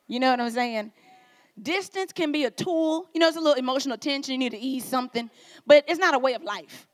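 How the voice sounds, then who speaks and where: Animated woman preaching a sermon. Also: high-pitched, fast talker. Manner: animated, playful, acts out quoted dialogue. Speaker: pastor. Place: conference stage.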